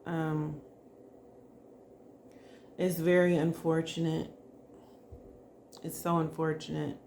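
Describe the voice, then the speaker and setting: A woman doing a psychic spirit reading, speaking softly and emotionally and addressing the spirit directly. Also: low voice, little pitch movement, slow pace, slight background noise. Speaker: psychic reader.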